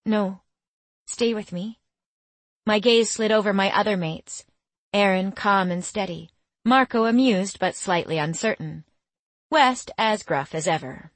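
A woman with a medium-pitched voice reads scripted first-person audiobook narration. She tells the story in a measured, intimate way, and there's no echo.

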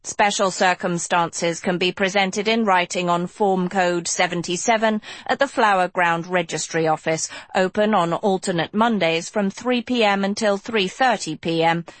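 A woman's voice: on the low side, normal speed, few pauses, no echo, natural voice. A woman voicing a fussy, pedantic male caterpillar conductor who rattles off rules officiously.

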